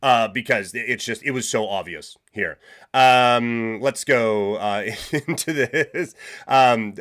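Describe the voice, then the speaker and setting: A man's voice: mid-range voice, slow, fairly bright tone. Emphatic male sports podcast host. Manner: emphatic, ranting with rhetorical questions and restarts. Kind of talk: live sports talk stream.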